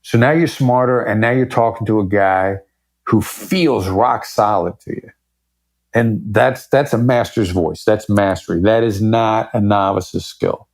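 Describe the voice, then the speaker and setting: Emphatic low-voiced man explaining. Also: a little slow, a little mellow. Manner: emphatic, explanatory, varies pace for effect. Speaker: podcast guest, negotiation expert. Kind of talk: conversational interview.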